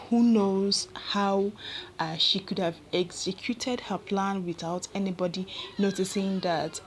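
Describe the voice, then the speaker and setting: A woman's voice: medium pitch, slight background noise, low-quality recording. A woman reading a romance story aloud and adding earnest, chatty comments to her viewers. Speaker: storyteller and vlogger.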